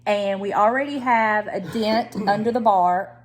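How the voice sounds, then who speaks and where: A woman with a warm Southern drawl chats to her camera at home. She keeps it loose and teasing, with a laugh never far away. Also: medium pitch, measured pace. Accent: Southern American. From Southern United States. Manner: chatty and teasing, laughs often. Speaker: lifestyle vlogger. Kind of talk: casual chat to camera.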